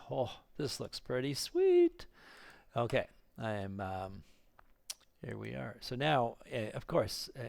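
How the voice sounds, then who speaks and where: Excitable man teaching a software tutorial. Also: mid-range voice, vocal fry, no echo. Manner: excitable, thinks aloud, counts clicks under his breath. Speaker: 3D modelling instructor. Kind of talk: screen-recorded software tutorial.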